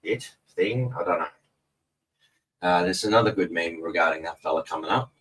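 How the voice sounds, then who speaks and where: A man's voice: low voice, normal speed, a bit bright, far from the mic, rough recording. An Australian man hosting a casual live stream from home, rambling and laid-back and swearing freely. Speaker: host. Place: home room in front of a TV. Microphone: camera mic set back from him.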